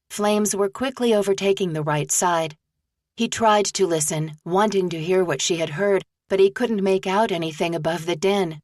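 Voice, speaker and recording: A woman narrating an audiobook in a measured storytelling manner, close to the mic. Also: fairly low pitch, a little mellow, no echo. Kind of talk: scripted narration.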